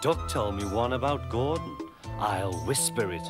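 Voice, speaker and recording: Slow, lively male storyteller. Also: lowish voice. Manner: gentle, expressive storytelling. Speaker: narrator. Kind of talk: storybook narration. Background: music.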